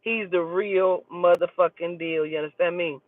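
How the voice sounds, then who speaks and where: A woman who works as a spiritual advisor, telling a personal story in a lively, profane, gossipy way and acting out the dialogue. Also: on the low side, moderate pace, dry recording. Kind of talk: casual storytelling. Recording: tinny phone-like dry sound.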